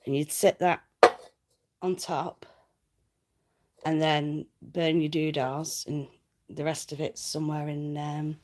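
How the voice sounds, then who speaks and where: A woman's voice: deep voice, little pitch movement, takes it slowly, pauses often, darkish tone. A woman hosting a casual livestream, chatting cheekily with viewers and laughing often. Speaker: livestream host.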